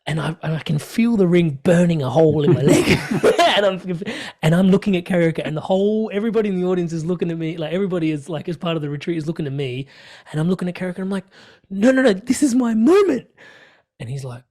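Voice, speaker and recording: Man, podcast guest, warm mellow tone, animated storytelling, frequent laughter. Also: on the high side, fast talker. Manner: animated, laughs often, acts out quoted dialogue. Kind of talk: storytelling in conversation.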